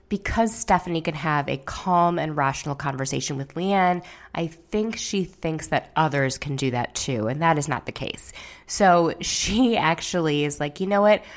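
A woman's voice: sits low, a little slow. A woman giving a casual, candid recap of a reality show episode, opinionated, with dry jokes and the odd swear word.

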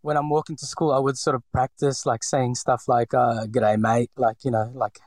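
A man's voice: mid-range voice, steady tone, normal speed, no echo, low-quality recording. Man, forties, slight Filipino accent, hesitant, fillers and restarts, personal interview, dry close sound. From Philippines. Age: 40s.

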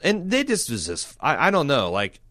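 A man in casual podcast chat, animated and cursing, who slips into high mocking voices when he quotes people. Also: normal speed, no echo, clean studio sound.

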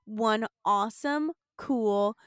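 Smooth-voiced young woman recapping a show. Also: on the high side, takes it slowly, no room sound, studio quality. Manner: swears, animated storytelling with acted quotes. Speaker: podcast co-host. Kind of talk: casual comedic episode recap.

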